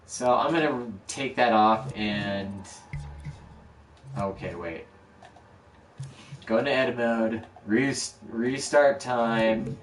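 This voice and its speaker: A man's voice: mid-range voice, slow pace, long pauses, a little hiss or hum. A man casually streaming his game-building work, mocking himself as he talks through each step, with a dog barking in the room. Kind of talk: casual live-stream commentary. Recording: roomy echo, a bit far from the mic.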